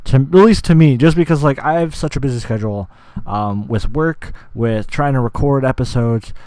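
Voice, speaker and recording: Young guy rambling on his podcast, all ums and swearing, pretty excited, voice sits right in the middle, dead dry sound. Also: medium pitch, normal speed, no room sound. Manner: rambling and enthusiastic, with frequent fillers and swearing. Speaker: podcast host. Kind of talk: casual solo podcast chat.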